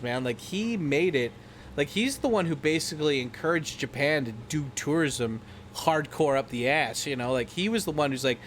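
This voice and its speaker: A man's voice: mid-range voice, slight background noise. A young man from the United States vlogging in a rambling, profane, irreverent way, full of fillers. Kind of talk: casual rambling commentary.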